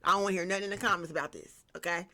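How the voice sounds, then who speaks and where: Gravelly bright-voiced woman reading tarot. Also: fairly low pitch, rapid-fire, a little hiss or hum. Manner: lively and slangy, talks straight to viewers. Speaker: tarot reader. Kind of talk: casual spiritual tarot reading.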